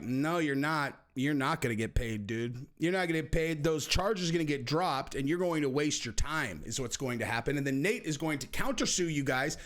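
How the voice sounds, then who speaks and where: A man's voice: a little high, fairly bright tone. Sarcastic man ranting casually. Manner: sarcastic, acts out quotes with shifting voices. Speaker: commentator. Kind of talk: casual commentary vlog.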